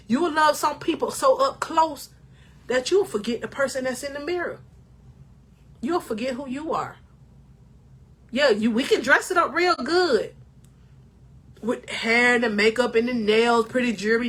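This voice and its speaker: Bright high-voiced woman life coach. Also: husky. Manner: emotional, preachy, addresses viewers as king or queen. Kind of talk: motivational talk to camera.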